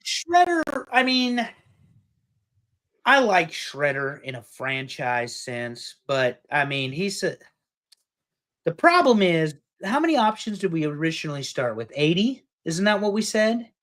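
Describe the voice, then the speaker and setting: A man co-hosts a relaxed panel chat in a lively, jokey way. His pitch jumps around a lot, rising into excited bursts before dropping back to quiet asides. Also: a little slow. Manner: animated, jokey, swings loud and quiet. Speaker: podcast co-host.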